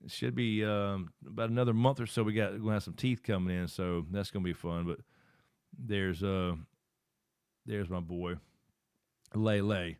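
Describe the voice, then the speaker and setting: A middle-aged man hosts a live stream from his home setup in a casual, rambling way. He thinks aloud as he works his screen. His voice sits low and sounds dry and close, with no room echo. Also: fairly even intonation, moderate pace, darkish tone, smooth.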